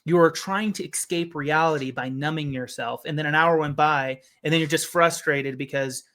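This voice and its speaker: A man's voice: fairly high pitch, moderate pace, fairly bright tone. A man giving an earnest motivational talk as a business coach, often asking rhetorical questions.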